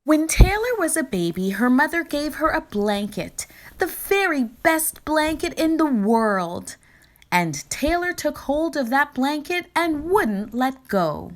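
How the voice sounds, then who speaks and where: A high-voiced woman reads a children's picture book aloud. She takes her time and lets her voice rise and fall a lot as she tells the story. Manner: slow, lively storytelling reading. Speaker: storybook reader.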